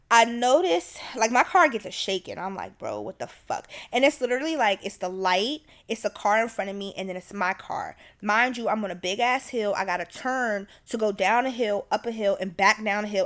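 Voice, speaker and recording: A young woman in her twenties telling a story as a podcast host, animated and profane with many fillers. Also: fairly high pitch. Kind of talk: casual storytelling.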